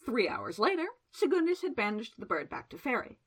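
A woman narrating a fantasy novel aloud in a lively, expressive storytelling manner. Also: on the high side, fairly quick, hardly any pauses, husky. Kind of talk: audiobook narration.

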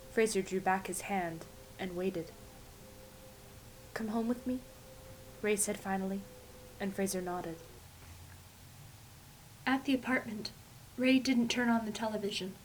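A woman reads a story aloud in a calm, measured, intimate way, at a middle pitch. A faint background hiss sits under her voice. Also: poor audio. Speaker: story reader. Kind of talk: audiobook-style story narration.

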